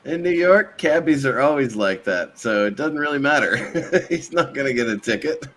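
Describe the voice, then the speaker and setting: A man's voice: mid-range voice, lively intonation, moderate pace, a bit bright. A man hosting live movie commentary, chatting and laughing often. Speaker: host.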